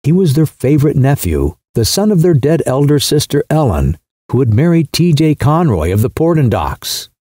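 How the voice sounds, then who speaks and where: A man's voice: a little high, big pitch swings, moderate pace, warm tone, no echo, clean studio sound. A man narrating a literary short story as an audiobook, shifting his voice for the characters.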